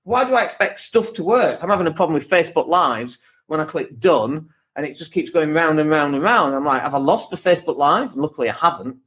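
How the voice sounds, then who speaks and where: A man's voice: a little high, animated, fairly quick, fairly bright tone. A man hosting a podcast as a property coach, giving a blunt motivational monologue full of rhetorical questions and swearing.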